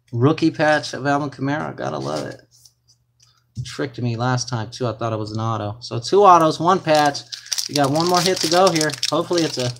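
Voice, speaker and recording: A young man hosting a live card break, excitedly calling out cards to his viewers. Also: on the high side, slight background noise. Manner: excited, hyped-up, talks to viewers as "guys" and "man".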